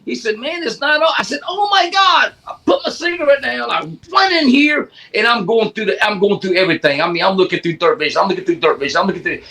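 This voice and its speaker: A man co-hosting a podcast in casual chat, telling animated stories and acting out quoted dialogue, sometimes shouting it. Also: sits high, quick pace, creaky, hardly any pauses. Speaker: podcast co-host.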